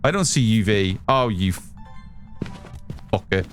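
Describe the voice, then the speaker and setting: A man's voice: fairly low pitch, animated, a little slow, soft background music. Chatty British man streaming a game. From United Kingdom. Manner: chatty, reads out and answers chat while playing. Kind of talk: casual live gameplay commentary.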